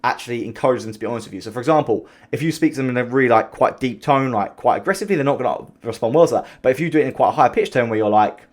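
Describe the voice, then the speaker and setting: A man's voice: medium pitch, animated, racing, hardly any pauses. A man giving casual sales advice as a coach, chatty and loose, often acting out what people say on calls in a raised voice. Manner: loose and chatty, heavy on fillers, acts out quoted dialogue in a raised voice. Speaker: sales coach and call center founder.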